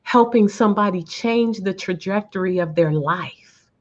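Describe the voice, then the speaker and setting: A woman's voice: medium pitch, a little slow. An earnest woman guest speaker talks in a heartfelt way and repeats her words for emphasis. Her voice comes through as slightly dull, lo-fi audio. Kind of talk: interview answers.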